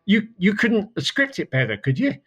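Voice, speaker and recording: Male host, slightly high-pitched, enthusiastic, video call chat. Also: wildly swooping pitch, normal speed, a bit bright, dull audio. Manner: enthusiastic, stammers on restarts. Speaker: podcast host. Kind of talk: casual conversational interview.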